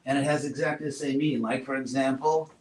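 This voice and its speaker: A man giving a relaxed classroom talk, asking his students questions and adding playful asides. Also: mid-range voice, fast talker. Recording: roomy echo, far from mic, faint noise.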